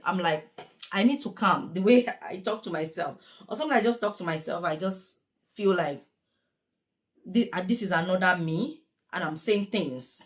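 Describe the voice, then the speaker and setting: A young woman, a care worker talking in a chatty, earnest, repetitive way in a casual vlog. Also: fairly low pitch. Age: young adult.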